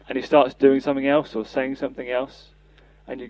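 A man's voice: mid-range voice, level tone, a little fast, no room sound. Earnest male preacher, dull lo-fi sound. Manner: earnest, quoting scripture with raised voice for quotes. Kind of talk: sermon. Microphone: podcast mic.

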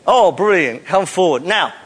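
A man's voice: high voice, animated, normal speed, fairly bright tone, husky. A man leading a live audience on a hall stage, coaxing volunteers with playful, teasing jokes. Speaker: presenter leading audience participation.

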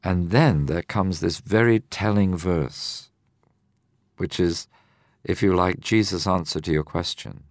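A man, older, explaining a Bible parable in a measured, teaching way on a discussion program. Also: low voice, lively intonation, a little mellow, no echo. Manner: measured, explanatory, reads scripture aloud.

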